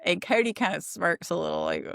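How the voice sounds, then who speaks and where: A woman's voice: on the low side, huge pitch swings, brisk, creaky, fairly bright tone, dry recording, clean studio sound. A woman hosting a podcast, recapping a TV show in a chatty, wry, gossipy way. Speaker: podcast host. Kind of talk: casual TV recap.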